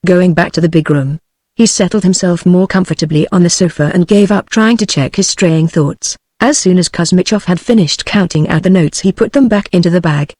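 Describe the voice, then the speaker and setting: A British-accented woman's text-to-speech voice reading a storybook aloud in an even, flat manner. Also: on the low side, no room sound. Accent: British English. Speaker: audiobook narrator.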